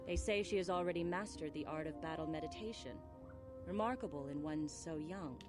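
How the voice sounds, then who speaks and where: A man's voice: a little high, brisk, natural voice. A man playing a stern young male Jedi student in a game, formal and reproachful. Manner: formal, scolding. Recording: game audio with music.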